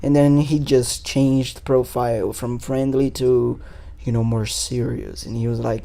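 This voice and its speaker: A man's voice: mid-range voice, flat delivery, measured pace, gravelly, dark tone. A young man, a podcast host telling a story in loose, casual talk full of swearing and fillers. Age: 20s.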